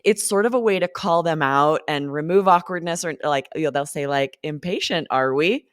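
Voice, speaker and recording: A woman in her thirties with a low, dark-toned speaking voice co-hosts a podcast for English learners. She explains phrases playfully and acts out example lines with teasing intonation. The sound is close and dry, with no room around it. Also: brisk, clean tone, dry recording. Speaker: podcast co-host, English teacher. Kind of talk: casual teaching chat.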